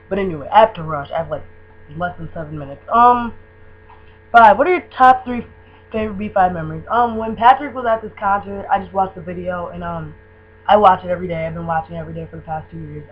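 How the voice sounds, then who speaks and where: A young woman from Michigan gushing about a band she loves in a casual video, with lots of "um" and "like" and excited rambling. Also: lowish voice. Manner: gushing, excitable, filler-heavy fan talk. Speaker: vlogger. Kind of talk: casual fan tag video. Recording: dull lo-fi webcam audio with faint hum.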